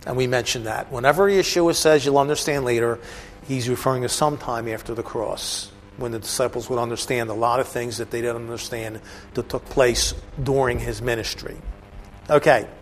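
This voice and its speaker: A man's voice: mid-range voice, fairly even intonation, normal speed, a little hiss or hum. A man teaching a bible class, explaining a passage with casual asides to the listeners. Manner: conversational, asides to the audience.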